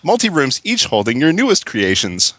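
Man, lively pitch, dry close mic, playful podcast co-host. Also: normal speed, no room sound. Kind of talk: comedic podcast reading.

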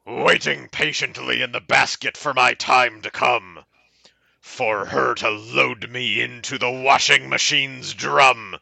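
A man co-hosting a comedy podcast, reading a poem aloud in a slow, mock-solemn way. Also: medium pitch, creaky, bright, forceful tone, no echo. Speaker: podcast co-host reading poems. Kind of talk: comic dramatic poetry reading.

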